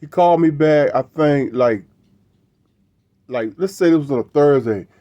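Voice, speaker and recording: A man's voice: a little high, moderate pace, dark tone, dry recording, dull audio. A middle-aged man hosting a show, telling a casual story in a rambling way, repeating words and tagging lines with "right?". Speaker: show host.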